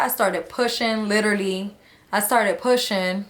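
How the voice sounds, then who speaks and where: A woman's voice: mid-range voice, fairly even intonation, moderate pace, a bit bright. A woman vlogger casually telling a story to a nearby camera, chatty and slangy, acting out the people she quotes. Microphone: camera close to her.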